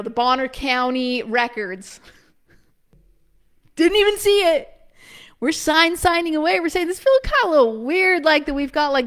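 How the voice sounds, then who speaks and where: A woman with a bright, high voice tells a long personal story straight to her listeners. She talks in a loose, chatty rush, fills her sentences with "like," and drops into quick laughs as she acts out her own past remarks. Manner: animated, filler-heavy with frequent "like", quick laughs. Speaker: preschool business coach.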